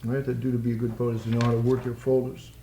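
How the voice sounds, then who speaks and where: A man's voice: mid-range voice, completely flat delivery, racing, warm tone, a little hiss or hum. A man giving a live poetry reading with playful, rambling asides, chuckling between lines. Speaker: poet. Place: college social room with audience. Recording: echoey live room recording.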